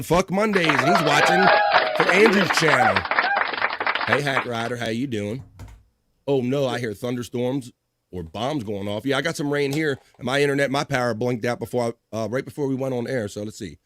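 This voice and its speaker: A man hosting a live stream in casual chat, reading viewer messages aloud with upbeat, profane shout-outs. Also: mid-range voice, fairly quick, heavy background noise.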